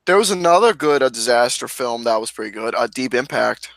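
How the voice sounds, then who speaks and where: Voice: mid-range voice, animated, fairly quick, vocal fry, a bit bright, no room sound. A laid-back co-host in a casual movie chat, speaking in short terse remarks.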